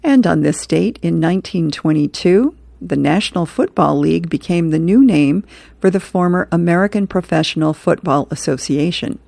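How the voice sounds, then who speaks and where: Low, gravelly-voiced woman host. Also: normal speed, no room sound. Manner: relaxed, chuckles at the jokes. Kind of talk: reading comics and history aloud.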